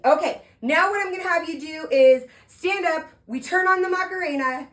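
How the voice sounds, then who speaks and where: A woman host giving an energetic, heartfelt motivational talk, playful and upbeat with excited asides. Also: very high voice, normal speed, few pauses, poor audio.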